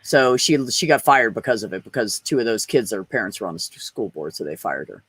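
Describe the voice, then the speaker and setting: A man's voice: on the low side, sing-song, brisk, a bit bright, husky, no room sound. A trans man in a casual podcast chat, telling personal stories bluntly and with plenty of swearing. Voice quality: blunt and profane, storytelling. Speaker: podcast guest.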